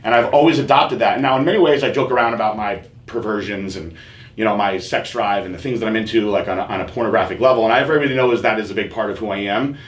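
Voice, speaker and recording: A man hosting a podcast in casual chat, telling candid stories with profanity and animated quoting. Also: on the low side, quick pace. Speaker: podcast host. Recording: echoey room with faint noise.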